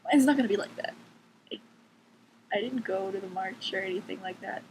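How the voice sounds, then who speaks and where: A woman's voice: medium pitch, fairly quick, darkish tone, low-quality recording. A teenage girl ranting casually to camera from her bedroom, sarcastic, swearing freely and filling her talk with "like". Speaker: vlogger. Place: bedroom at home. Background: cats making noise.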